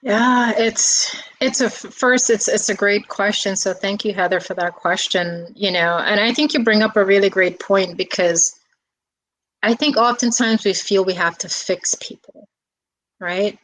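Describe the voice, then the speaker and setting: A woman guest speaking in a soft, reflective way, talking casually with a few restarts and fillers. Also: medium pitch, measured pace, rough recording. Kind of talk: casual conversation.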